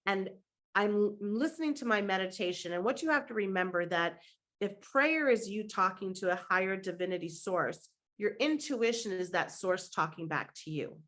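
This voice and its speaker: A middle-aged woman guest on a podcast tells a story with plenty of life and often jumps into other people's voices. Her voice sits at an ordinary pitch for a woman. She talks as a mindset and manifestation coach. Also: moderate pace. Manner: animated storyteller who acts out other people's lines.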